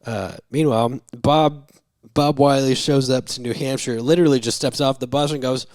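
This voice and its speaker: A man co-hosting a movie review podcast, recapping the plot with animated, chatty energy. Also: mid-range voice, moderate pace, no room sound, clean studio sound. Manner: animated retelling with laughs. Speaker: podcast co-host. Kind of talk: casual movie review chat.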